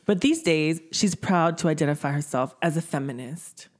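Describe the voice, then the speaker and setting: A woman's voice: sits low, moderate pace. A woman co-hosting a casual chat, sarcastic and profane, often laughing as she talks. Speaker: podcast co-host.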